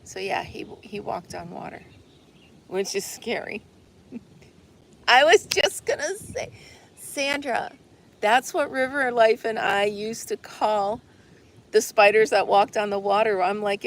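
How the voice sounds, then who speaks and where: A woman's voice: mid-range voice, takes it slowly, vocal fry, long pauses. A woman chatting casually with her viewers outdoors on a deck, rambling and laughing often. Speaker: livestream host.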